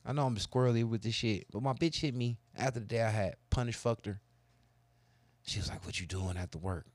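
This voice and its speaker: A man on a casual talk show, telling crude, boastful stories in a profane, animated way. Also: mid-range voice, fairly quick, no echo. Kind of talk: casual storytelling chat.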